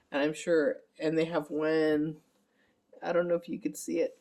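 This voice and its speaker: A woman's voice: low-pitched, level tone, takes it slowly, long pauses, darkish tone. A middle-aged woman caring for her father, giving a candid, rambling vlog update while exhausted. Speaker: family caregiver.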